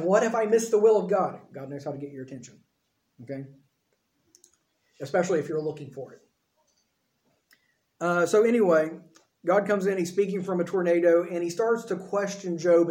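A man's voice: on the high side, a little mellow, reverberant. A man preaching a conversational sermon, acting out quoted dialogue as he talks. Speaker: pastor.

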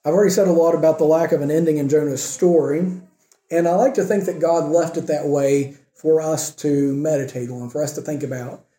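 A man preaching a sermon with earnest emphasis, swinging between raised emphatic points and quiet, soft asides. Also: on the high side, steady tone, brisk, reverberant. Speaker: pastor.

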